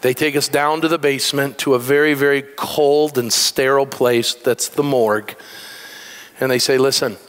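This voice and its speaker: A man's voice: medium pitch, steady tone, moderate pace, fairly bright tone. A middle-aged man, a pastor, preaching a sermon by telling a personal story with emotion and voiced quotes. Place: church sanctuary. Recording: long hall reverb.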